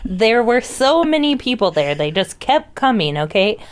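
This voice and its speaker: A woman's voice: a little high, normal speed. A woman co-hosting a podcast in casual chat, blunt and profane, telling stories with animation. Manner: blunt, swears freely, animated storytelling. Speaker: podcast co-host.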